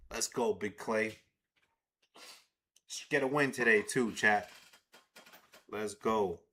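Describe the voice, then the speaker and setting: A man hosting a live baseball watch-along stream, excitable and swearing as he talks to his chat. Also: medium pitch. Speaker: livestream host.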